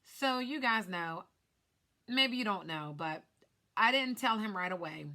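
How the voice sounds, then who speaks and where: A woman's voice: medium pitch, expressive, unhurried, pushed and bright. A woman who works as a life insurance agent, casually telling viewers her personal story in a chatty vlog. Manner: chatty, speaks straight to viewers.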